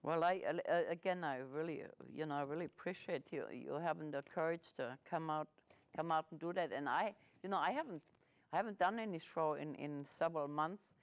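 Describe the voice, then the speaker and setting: A woman hosts a local talk show from a small studio, with a slightly low voice. She rambles and restarts her sentences often. She sounds chatty and halting. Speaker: host. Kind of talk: casual interview on local TV.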